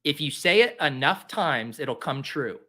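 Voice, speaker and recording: A man's voice: on the high side, expressive, measured pace, bright, forceful tone. A man hosting a fantasy football show, talking casually and mocking himself as he drafts live and talks to his viewers.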